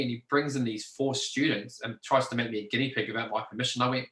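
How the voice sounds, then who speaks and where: A man's voice: mid-range voice, fast talker, hardly any pauses, a bit bright, echoey room, poor audio. Blunt swearing man. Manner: blunt, swears freely, acts out quoted people. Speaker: podcast guest. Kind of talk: candid storytelling interview.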